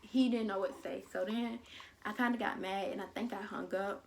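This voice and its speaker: Young woman with a gravelly voice. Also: mid-range voice, a little fast, a little hiss or hum. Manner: animated storytelling, acting out quotes of others. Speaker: vlogger. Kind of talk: casual storytime vlog.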